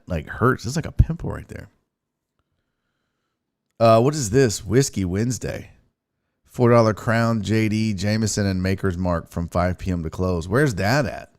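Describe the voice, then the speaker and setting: Chatty male sports livestream host. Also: fairly low pitch. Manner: chatty, rapid shout-outs to viewers. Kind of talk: casual livestream chat.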